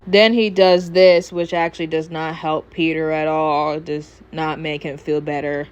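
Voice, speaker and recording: A woman's voice: low-pitched, flat delivery, unhurried, hardly any pauses, clean tone. A woman casually recapping a cartoon episode, rambling and swearing freely as she chats. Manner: rambling, profane, chatty. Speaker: YouTuber reviewing a cartoon episode.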